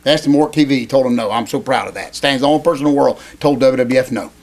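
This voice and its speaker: An older man, a retired wrestler co-hosting a casual chat, given to excitable, rambling rants. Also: medium pitch, rapid-fire, slight background noise.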